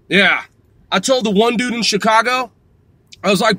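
In a profane, boastful rant to camera, a male vlogger in his forties trash-talks nonstop, cursing constantly and ending lines with "man." He speaks briskly in a high, pushed, bright voice, recorded with no room sound.

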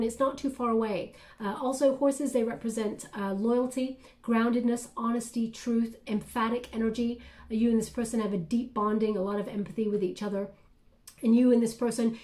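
A woman's voice: on the high side, darkish tone. A woman giving a casual tarot reading to her viewers, chatty and reassuring, full of fillers and "okay?" checks. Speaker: tarot reader.

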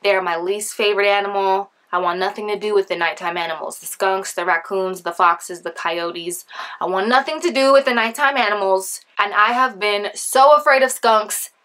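Chatty bright-voiced young woman. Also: mid-range voice, moderate pace. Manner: chatty, animated, acts out quoted voices; heavy use of filler like. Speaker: vlogger. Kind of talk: casual storytime.

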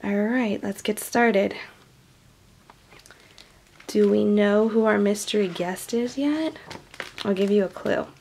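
A woman reading a picture book aloud to children in a gentle, chatty, teacherly way. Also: medium pitch, takes it slowly, vocal fry, pauses often. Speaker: children's storyteller.

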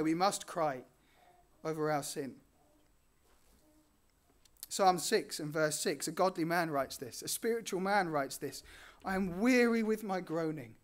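Earnest higher-voiced male preacher. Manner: earnest, rising on key phrases and dropping softly at line ends. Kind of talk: sermon.

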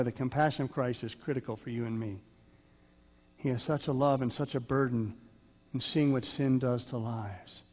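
A male pastor preaching a sermon, swinging from loud, drawn-out rises to soft, sighing drops. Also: medium pitch, long reverb tail, highs cut off.

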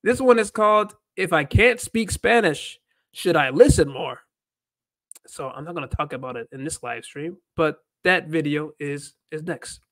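A man's voice: on the high side, moderate pace, fairly bright tone. A man hosting a casual livestream about learning, rambling and thinking aloud as he talks. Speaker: livestream host and Spanish learner.

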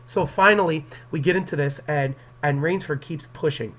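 A male English teacher with a somewhat high, fairly bright voice records a classroom lecture video on an external microphone, speaking at a moderate pace. He talks straight to his students, explaining each plot turn and performing the characters' lines, though the recording is rough.

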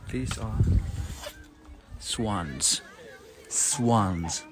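A man's voice: fairly low pitch, animated, very slow, a crowd in the background. A man talking casually to his viewers as he walks around a farm, chatty and rambling, with lots of fillers. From England. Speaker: English teacher vlogger. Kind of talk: casual walking vlog. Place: outdoors on a farm. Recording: outdoor noise in the background.

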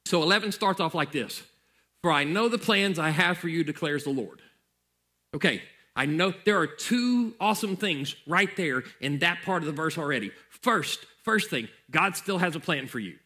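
A man's voice: on the high side, lively intonation, normal speed, bright, forceful tone. A male pastor preaching a sermon in a conversational way, repeating phrases for emphasis.

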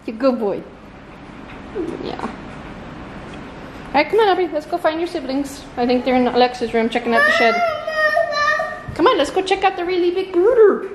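A woman's voice: normal speed, long pauses, background noise. A mother filming a casual family vlog at home on a small farm, talking to her kids and cooing at her goats. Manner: excitable, coos at her goats in a high sing-song.

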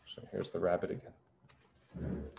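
A man reading a picture book aloud to children, gently explaining words as he goes. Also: takes it slowly, highs cut off. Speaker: teacher reading a storybook aloud.

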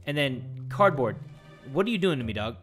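A young man commentating a video game, excitable, joking and swearing. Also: medium pitch, moderate pace, loud music behind the voice. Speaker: gaming channel host. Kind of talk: let's-play commentary.

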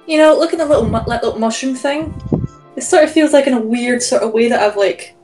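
A woman's voice: a little high, fast, music in the background. A woman playing a tabletop game, musing aloud in a hesitant, casual way. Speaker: player. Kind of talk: casual chat.

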